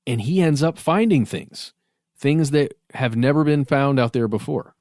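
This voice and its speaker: A man's voice: medium pitch, unhurried, no room sound, studio quality. A man co-hosting a podcast, talking through ideas in an easy, conversational way. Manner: relaxed, thinking aloud. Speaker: podcast co-host. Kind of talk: casual conversational chat.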